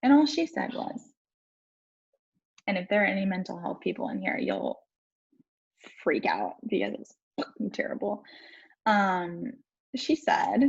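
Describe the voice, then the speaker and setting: A woman's voice: medium pitch, big pitch swings, unhurried, creaky, long pauses, slightly rough. A young woman life coach telling her own story on a live stream, frank and swearing casually as she talks to viewers. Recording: dull lo-fi stream audio.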